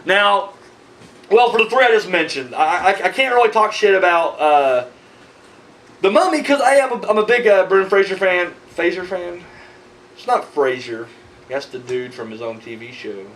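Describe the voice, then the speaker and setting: A man talks in a casual video rant, swearing freely and rambling from point to point. His voice sits high and swings widely in pitch. He sounds tired and worked up. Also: normal speed, a little hiss or hum, rough recording. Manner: profane, rambling, animated ranting. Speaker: horror movie vlogger.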